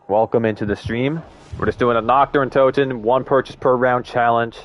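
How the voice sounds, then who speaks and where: A man's voice: mid-range voice, fairly even intonation, brisk, dull audio. A young man chatting casually to viewers while live-streaming a game, with laid-back slang and frequent swearing. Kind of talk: casual gaming stream chat.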